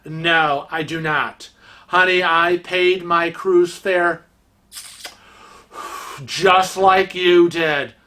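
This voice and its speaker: Unbothered male smoker, dismissive, slow and flat, done by a man in his own voice. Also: high-pitched, exaggerated voice.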